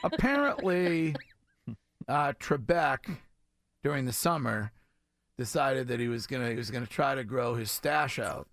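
A man's voice: medium pitch, very animated, measured pace, creaky, a bit bright, dry recording. A man hosting a radio show in a studio, with playful, teasing banter and frequent laughs. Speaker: radio host. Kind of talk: casual morning radio chat. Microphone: studio mic.

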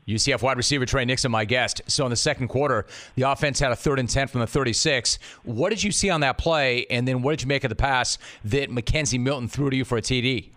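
A middle-aged man hosts a sports radio show, ranting loudly and spinning stories with acted quotes. His voice sits at an ordinary male pitch. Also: fast, few pauses. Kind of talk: animated sports radio monologue and interview.

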